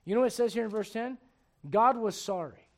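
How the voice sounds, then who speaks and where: A male pastor preaching a sermon with rhetorical questions, swinging between loud urgency and hushed gravity. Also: high voice, fairly quick. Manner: emphatic, many rhetorical questions.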